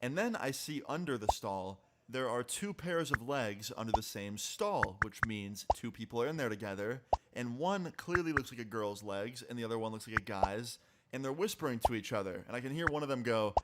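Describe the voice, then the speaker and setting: A young man telling a casual, animated story on a live stream, swearing freely. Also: mid-range voice, a little fast. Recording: loud background noise.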